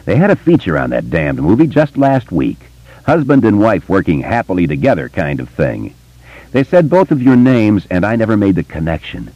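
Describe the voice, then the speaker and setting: A man's voice: lowish voice, very animated, moderate pace, dark tone, no echo, highs cut off, pitched above the performer's own voice. A man voicing a brash, wisecracking adult friend who slips into a mock Irish brogue. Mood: chatty.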